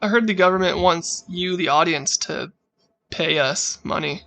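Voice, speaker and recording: High gravelly joking man. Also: moderate pace, pushed and bright. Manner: jokey, crude, mock-announcer asides to the audience. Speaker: podcast co-host. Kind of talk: casual chat.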